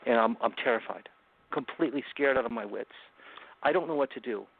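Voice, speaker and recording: A man with a gravelly, rough-edged voice recounts a personal story as a guest on an interview show. He tells it intensely, acting out what each person said. The sound is thin and tinny, like a phone line. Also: mid-range voice, brisk. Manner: intense, dramatic first-person retelling with acted-out quotes. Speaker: guest author.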